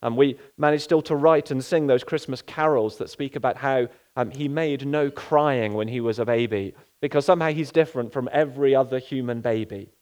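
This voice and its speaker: A man's voice: medium pitch, brisk, few pauses, darkish tone. Earnest preacher man. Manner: earnest, with rhetorical questions. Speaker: pastor. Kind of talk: sermon.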